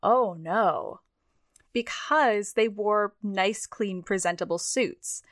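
A woman's voice: medium pitch, slow, no echo, studio quality. A young woman co-hosting a podcast in casual chat, self-deprecating and prone to restarting her sentences. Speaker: podcast co-host.

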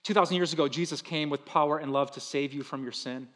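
Man preaching, kinda high voice, goes loud then real soft, big echoey church. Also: fast talker. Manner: earnest, with sudden loud emphatic bursts and soft hushed drops. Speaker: pastor. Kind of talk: sermon.

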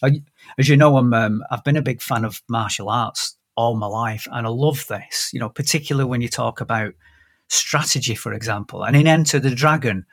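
A man's voice: mid-range voice, fairly quick. A man in his fifties, hosting a podcast in casual conversation and telling stories with lots of restarts. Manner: animated storyteller with frequent restarts. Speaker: podcast host.

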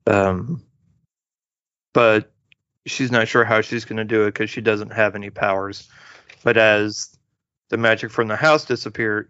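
With a lowish voice, a podcast host rambles through a relaxed, casual movie review, stopping to restart and using many fillers. The recording is dull, lo-fi, and dry.

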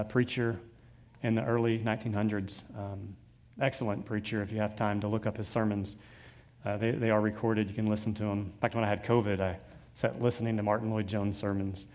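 A man's voice: on the low side, darkish tone. A man preaching a sermon, reading scripture aloud and adding loose conversational asides. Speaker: pastor.

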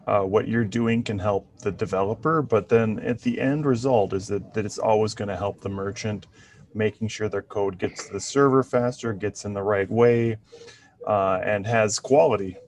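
A man hosting a podcast interview, chatting casually with relaxed fillers. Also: lowish voice. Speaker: podcast host.

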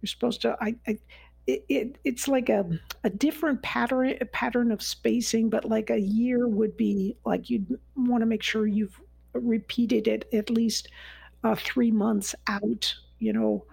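A woman's voice: a little high, steady tone, a little slow, gravelly, darkish tone, breathy edge, dry recording, low-quality recording. A woman expert chatting about how learning works, rambling with many restarts and fillers. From United States. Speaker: neuroscience guest expert. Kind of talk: conversational explanation.

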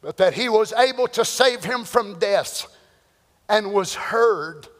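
Man, preacher, impassioned sermon, slow delivery, long hall reverb. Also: high voice. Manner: impassioned, swings from shouting to hushed.

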